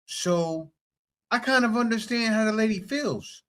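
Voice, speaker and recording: A man giving a reaction who reasons aloud in a measured way, with pauses between thoughts. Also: sits high, animated, fairly bright tone. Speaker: commentator. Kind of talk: reaction commentary.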